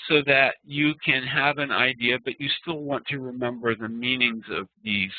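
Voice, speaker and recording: A man's voice: medium pitch, steady tone, dry recording. Man lecturing over tinny web call. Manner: explanatory, chants Sanskrit verses slowly. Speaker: Ayurveda teacher. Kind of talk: online class lecture. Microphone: video call.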